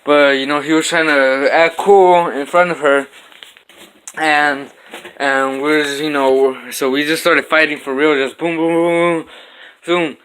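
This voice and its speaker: Young male vlogger, bright voice, animated storyteller, punches out his own sound effects. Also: on the high side, measured pace, slight background noise. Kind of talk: casual storytelling vlog. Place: home kitchen.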